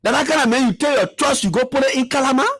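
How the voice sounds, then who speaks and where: Male commentator, high husky voice, dry close sound, impassioned and repetitive. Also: racing, a bit bright, no room sound. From Liberia. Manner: fiery, repetitive, rhetorical questions. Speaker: political commentator.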